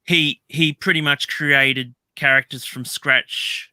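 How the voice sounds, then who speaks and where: A man's voice: medium pitch, steady tone, slow, bright, forceful tone, smooth, dry recording. A man hosting a casual chat about films, rambling, laughing often and acting out quotes. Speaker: podcast host.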